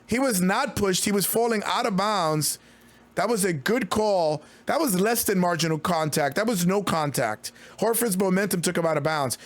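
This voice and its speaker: A man streaming excited play-by-play commentary on a basketball game, loud exclamations and rapid calls, with a voice going hoarse. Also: sits high, no room sound. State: losing his voice.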